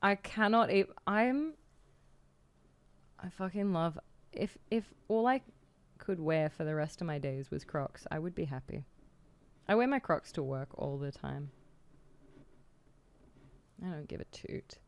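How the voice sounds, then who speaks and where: A woman's voice: low-pitched, unhurried, pauses often, smooth. A young Australian woman chatting casually on a live stream, giggling and reading out her chat.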